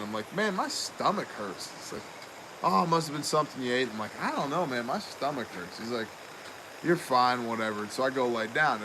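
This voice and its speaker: A man hosting a casual talk show, telling stories in a lively way and acting out what other people said. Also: medium pitch, background noise. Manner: animated, acts out quoted people. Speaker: show host. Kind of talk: casual storytelling chat.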